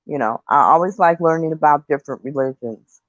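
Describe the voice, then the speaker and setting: This older talk-show host has a low-pitched voice and a brisk delivery as she reads out viewer comments in casual online chat. Light laughter and mild swearing come through a muffled, echo-free recording.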